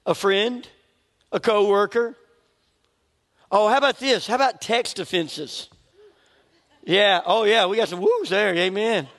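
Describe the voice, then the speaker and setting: With a high, slightly bright voice, a middle-aged preacher takes his time and pauses often during his church sermon. He speaks conversationally and pokes fun at himself with a laugh, and the long reverb of the large sanctuary fills the recording.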